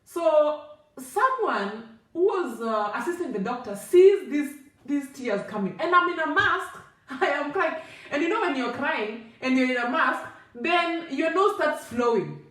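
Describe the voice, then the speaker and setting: Woman vlogger, high and animated, recorded off-mic in a very echoey room. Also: measured pace, far from the mic. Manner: animated, laughing, code-switching. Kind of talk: casual storytelling to camera.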